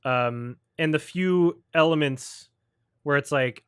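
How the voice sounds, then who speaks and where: A man's voice: a little high, a little slow, smooth, no echo, studio quality. A man hosting a livestream, ranting about films in a sarcastic, profane way and mocking people with put-on quotes. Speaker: host. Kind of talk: livestream film review chat.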